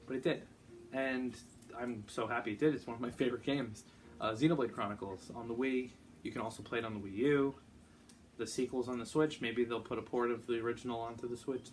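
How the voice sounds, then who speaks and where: A man casually vlogging about video games, excitable and gushing, rambling with lots of fillers. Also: mid-range voice, a little hiss or hum. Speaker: YouTuber. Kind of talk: casual gaming vlog.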